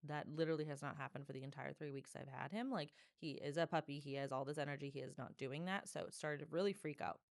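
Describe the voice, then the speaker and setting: A woman hosting her own podcast, telling a story in a casual, animated way, full of "like" and dramatic asides. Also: sits low, fast, hardly any pauses, dry recording, clean studio sound. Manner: animated, dramatic, filler-heavy with lots of "like". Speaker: podcast host.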